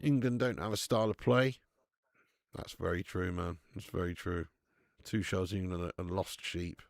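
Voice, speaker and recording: A man hosting a live football watch-along, chatting in a sweary, jokey way and breaking into excited commentary. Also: deep voice, moderate pace, gravelly, no room sound. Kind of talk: live match commentary and chat.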